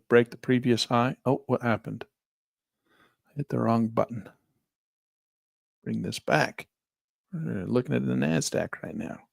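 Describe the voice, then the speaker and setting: Gravelly man teaching a live trading session. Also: mid-range voice, darkish tone, no echo, studio quality. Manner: chatty, thinks aloud while clicking through charts. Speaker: trading instructor. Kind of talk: live screen-share trading lesson. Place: small office near a parking lot. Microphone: headset mic.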